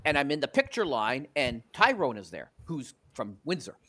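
A man's voice: medium pitch, big pitch swings, moderate pace, sharp tone. A man from Canada telling rambling stories with many restarts as a podcast co-host in casual sports chat.

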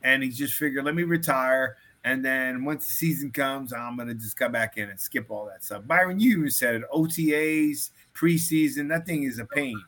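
A man's voice: mid-range voice, sharp tone. A man hosting a casual sports chat over a video call, rambling with restarts. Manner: rambling, restarts, reads a quote haltingly. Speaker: podcast host.

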